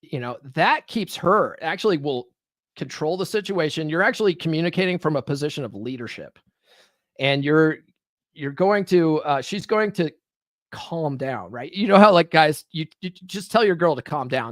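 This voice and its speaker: A man's voice: a little high, big pitch swings, moderate pace, fairly bright tone, no room sound, studio quality. A man hosting a podcast live stream, talking loosely and tagging his points with "right?". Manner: loose, repetitive, peppered with "right?". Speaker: podcast host. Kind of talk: casual live-stream monologue. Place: home with dogs nearby.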